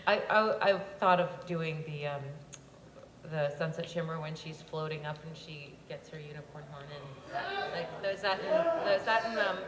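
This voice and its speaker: A woman answering fans on a convention panel, telling stories in a bubbly, animated way. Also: low-pitched, normal speed. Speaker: voice actress panelist. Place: convention hall. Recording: echoey hall with crowd and noise.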